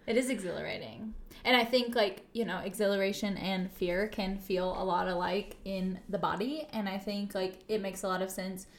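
A woman's voice: medium pitch, moderate pace, hardly any pauses. A woman co-hosting a casual podcast at home in her kitchen, speaking in a reflective, earnest way with many filler words. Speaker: podcast co-host. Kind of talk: casual conversational podcast chat. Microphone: microphone on a table in front of her.

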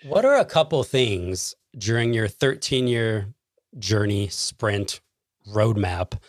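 A male podcast host with a lowish voice who speaks slowly and deliberately, drawing out his questions. His voice sounds dry and close, with no room around it. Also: lively intonation, dry recording. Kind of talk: casual interview.

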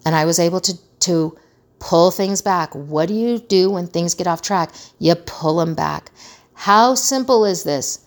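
A woman's voice: fairly low pitch, a little slow. A middle-aged woman hosting a casual advice talk, earnest and conversational, acting out remarks she quotes. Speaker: host.

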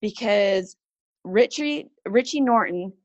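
Female guest, 30s, earnest animated storyteller, mid pitch, dry close mic. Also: takes it slowly, dry recording, dull audio. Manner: earnest, animated storytelling with lively quoted voices. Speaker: podcast guest. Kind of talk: casual interview talk.

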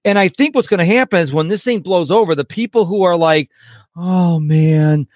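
A man's voice: high voice, lively intonation, fast, no room sound, clean studio sound. A man hosting a podcast, talking emphatically in a casual interview. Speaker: podcast host.

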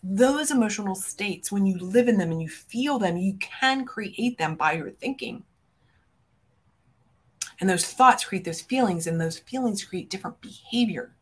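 Unhurried and husky, a woman's medium-pitched voice with lively intonation drives a fervent motivational talk. As a podcast host and business coach, she treats listeners as friends, making emphatic, punchy declarations with large shifts in loudness.

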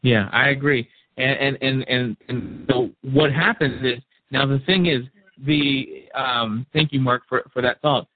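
A man's voice: mid-range voice, fairly even intonation, measured pace, no room sound. Guy hosting a call-in show, rambles, says and and and a lot, thin phone sound. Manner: rambling, repeats words when thinking. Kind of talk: casual call-in discussion. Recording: tinny phone-like line.

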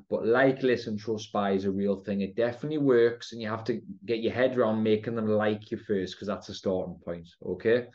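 A man's voice: fairly low pitch, a little mellow, highs cut off. A man with a Geordie accent giving a confident, emphatic podcast talk on sales, often checking in with "right?" and "okay?". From North East England. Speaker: podcast host and sales trainer.

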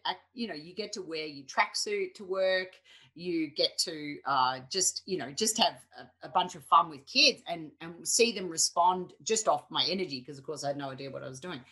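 A middle-aged woman hosting a coaching podcast, telling stories in a lively, animated way with quick asides. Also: sits low. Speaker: podcast host, tennis coach. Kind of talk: casual interview chat.

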